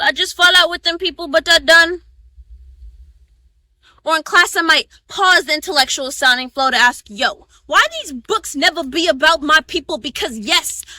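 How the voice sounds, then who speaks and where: A woman's voice: high voice, bright, forceful tone, no echo. A young woman performing a spoken-word oratory speech, reciting with rhythmic, emphatic stresses. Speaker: student orator.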